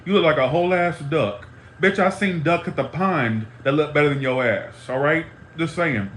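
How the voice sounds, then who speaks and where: This man's voice sits a little high and a bit bright, at normal speed, with some slight background noise. He rants angrily to his live stream, swearing and repeating himself heatedly, in a room with echo and faint ambience.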